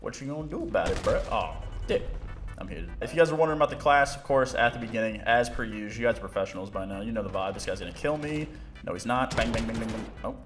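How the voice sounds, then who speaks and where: A man casually commentating his own gameplay, excitable, laughing often and swearing, with game audio playing behind him. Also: on the low side, fast. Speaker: gaming YouTuber. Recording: game music and gunfire behind.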